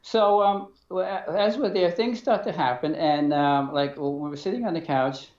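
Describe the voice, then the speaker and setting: A middle-aged man telling a personal story as an interview guest, halting and full of fillers and restarts, acting out dialogue. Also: fairly high pitch, a little mellow. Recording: dull, roomy sound.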